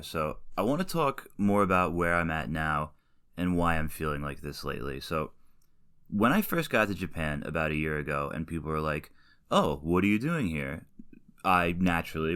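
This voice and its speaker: A man's voice: a bass voice, brisk, a bit bright, smooth. A man in his late twenties, a podcast host rambling through a casual, self-deprecating solo monologue full of tangents.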